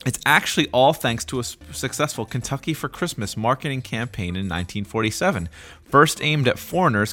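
A young man co-hosting a casual podcast chat, lively and animated. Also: mid-range voice. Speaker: podcast co-host.

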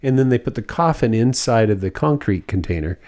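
A man's voice: mid-range voice, lively intonation, fairly quick, darkish tone. A man co-hosting a podcast, casually explaining things at length. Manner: explains at length with fillers and restarts. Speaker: podcast co-host. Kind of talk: casual chat.

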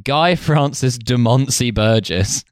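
A man's voice: medium pitch, slow, no echo, clean studio sound. A man co-hosting a casual comedy history podcast, reading from notes and breaking off into jokey asides. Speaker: podcast co-host.

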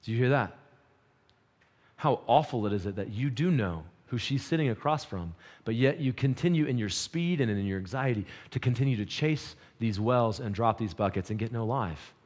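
A man preaching a sermon, shifting from loud urgent peaks to quiet intense lows, with casual slang. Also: animated, normal speed.

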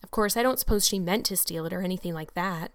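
A woman's voice: lowish voice, fast talker, close to an everyday voice. A woman reading aloud and voicing a stern, strict older spinster in a storybook. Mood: troubled. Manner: stern, sharp.

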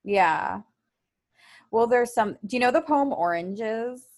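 A woman's voice: fairly high pitch, expressive, slow, no room sound. Tearful chatty woman, dry sound. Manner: emotional, tearful when talking about poems. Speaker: podcast co-host. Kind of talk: casual chat.

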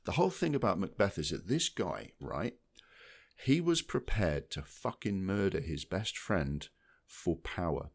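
A man co-hosts a film podcast, his voice low and unhurried. He talks at length in casual, animated chat, rambling along with many restarts and repeated words.

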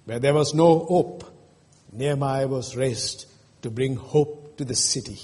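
A pastor with a mid-range, slightly rough, somewhat mellow voice preaches at a measured pace in a church. Earnest and emotional, he asks his congregation questions, and the recording has the long reverb of a church hall.

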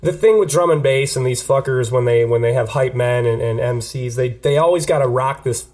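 A man's voice: mid-range voice, a little fast, darkish tone. A man hosting a casual podcast, introducing songs in a loose, profane, hyped-up way. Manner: loose and profane, hyping up music. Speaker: podcast host.

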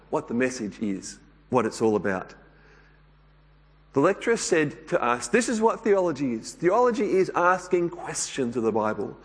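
A pastor giving a sermon in church, speaking gently and unhurriedly with occasional fillers. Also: male voice, mid-range voice, in a large hall.

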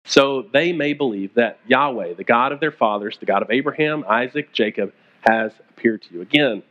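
A pastor preaching a conversational sermon, retelling stories and acting out the quoted voices. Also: male voice, medium pitch, fairly bright tone, dull audio.

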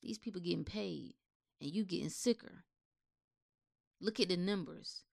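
A woman's voice: fairly low pitch, moderate pace, gravelly, a little mellow. A woman giving a blunt, impassioned, unscripted rant with swearing, speaking straight to her listeners.

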